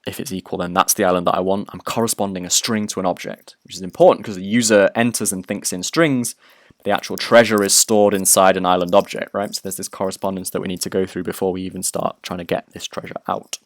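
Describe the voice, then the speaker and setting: Male programming lecturer, low-pitched, conversational, dry close-mic recording. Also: flat delivery, fast talker, dry recording. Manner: explanatory, conversational, many fillers and restarts.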